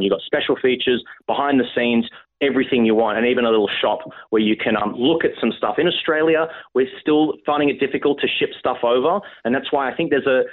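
Man on a tinny phone line. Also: medium pitch. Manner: hesitant, halting with restarts. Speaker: guest actor. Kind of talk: phone interview.

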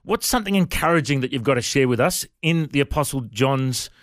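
A man's voice: mid-range voice, animated, fairly quick, a bit bright, dry recording, studio quality. A man hosting a radio interview in a chatty, friendly way. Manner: chatty, says mate. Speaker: radio host.

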